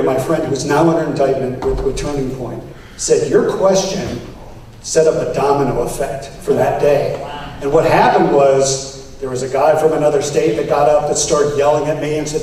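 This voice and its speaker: Guy running for party office, talking kinda high, very echoey hall, mic way off. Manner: animated, acts out quoted exchanges. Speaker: political candidate. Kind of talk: campaign speech with storytelling. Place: convention hall. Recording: very echoey hall, speaker far from mic, faint noise.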